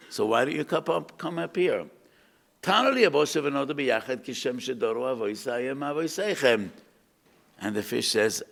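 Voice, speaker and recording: This older man's voice sits on the low side and carries vocal fry as he gives a rabbinic lecture. Addressing an audience, he weaves in stories and Hebrew quotations and asks the listeners questions.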